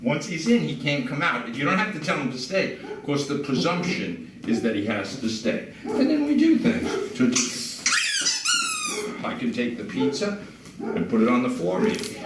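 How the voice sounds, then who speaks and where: A man working as a dog trainer, calmly explaining and demonstrating while giving short commands to dogs indoors at a house. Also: mid-range voice, moderate pace. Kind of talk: instructional demonstration. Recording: roomy, distant mic with background noise.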